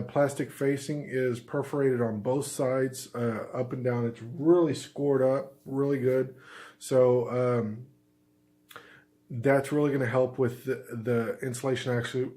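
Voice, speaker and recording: A man's voice: medium pitch, darkish tone. A man from Oklahoma with the hiccups, rambling through a casual how-to vlog inside a small unfinished house at night. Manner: rambling, lots of fillers and restarts. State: has the hiccups. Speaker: vlogger.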